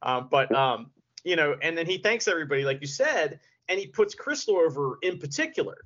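A man hosting a casual podcast chat, animated, laughing often and swearing casually. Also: on the high side, brisk. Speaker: podcast host. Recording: dull lo-fi audio.

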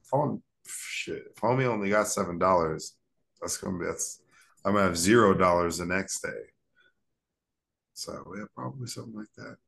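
A man's voice: deep voice, normal speed, gravelly, fairly bright tone, breathy edge. Laid-back young man riffing with a chuckle. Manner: rambling, laughing, riffing on silly scenarios. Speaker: podcast co-host. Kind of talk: casual podcast banter.

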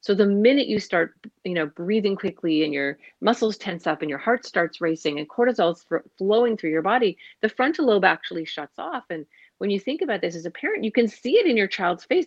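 A woman speaking about parenting in an earnest, animated, conversational way, sometimes acting out the voices of parents and children. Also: mid-range voice, brisk, no echo, highs cut off. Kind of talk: casual conversational explanation.

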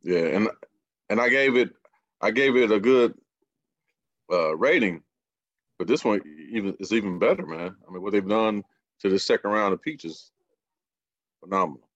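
A man's voice: on the low side, normal speed, long pauses, fairly bright tone, no echo, dull audio. Laid-back man hosting a beer podcast. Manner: laid-back, rambling with repeats. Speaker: podcast host. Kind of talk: casual chat.

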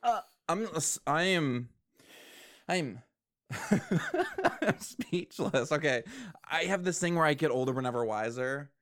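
A man casually reacting to new songs, excitable, swearing often and breaking into laughter. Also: fairly high pitch, moderate pace. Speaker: music reaction host. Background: faint music.

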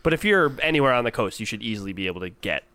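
Man, mid pitch, excitable rambling podcast co-host, dry sound. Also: very fast, no echo. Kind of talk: casual gaming chat.

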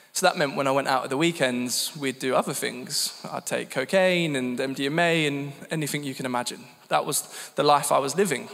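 A man's voice: fairly high pitch, fairly bright tone. A man in his thirties from England giving a candid, self-deprecating personal testimony at a church gathering. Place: church hall. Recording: long reverb in a church hall.

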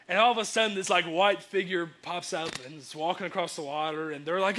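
A young man preaching a sermon in a casual, energetic way, acting out the quotes he tells. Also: high-pitched, brisk, few pauses. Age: young adult. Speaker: youth preacher.

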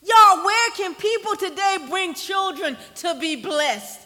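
A high, bright-voiced woman, preaching from the pulpit in an easy conversational way. She sometimes drops her voice almost to a whisper to drive a point home, and her words ring out with a long reverb through the church sanctuary. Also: animated, slow pace. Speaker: pastor. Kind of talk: sermon.

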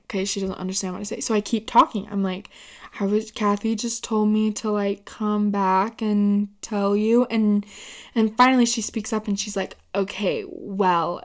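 Young woman vlogger, mid-pitched, chatty and animated, rambles through stories with tangents. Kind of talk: casual storytelling monologue.

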